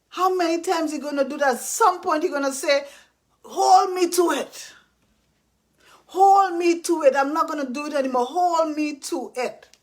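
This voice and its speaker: A woman giving earnest, faith-based life advice in a casual talk, repeating herself and acting out apologies. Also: high-pitched. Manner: earnest and repetitive, acts out apologies.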